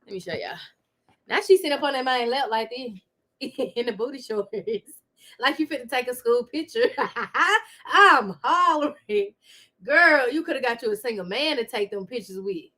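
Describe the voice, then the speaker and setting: Woman hosting a live reaction stream from home, high bright voice, keeps cracking up and talking to chat. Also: normal speed. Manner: loud laughing, animated, talks to viewers. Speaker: commentary host.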